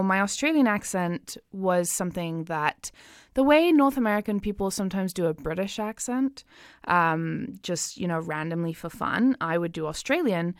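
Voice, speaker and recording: A woman's voice: lowish voice, no room sound, clean studio sound. A woman from the Seychelles hosting a radio show, chatting casually between songs with lots of fillers. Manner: chatty, filler-heavy, self-deprecating. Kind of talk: casual chat introducing songs.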